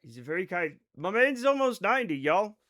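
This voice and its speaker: Bright, high-voiced male streamer. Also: sing-song, brisk. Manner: rambling, swearing, chatty asides to chat. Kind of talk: casual live-stream chat with viewers.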